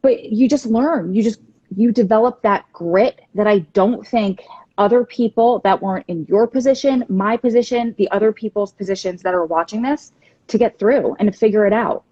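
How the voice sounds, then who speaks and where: A woman's voice: mid-range voice, normal speed, mellow, husky, dry recording, muffled recording. A woman in her thirties, a support group founder, candidly telling her personal story in a livestream interview.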